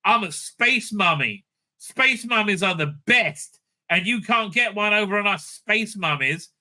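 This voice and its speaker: A man's voice: high voice, expressive, unhurried, sharp tone, pitched above the performer's own voice, heavily acted. A man putting on the voice of a smug older woman politician on trial, mocking and self-satisfied.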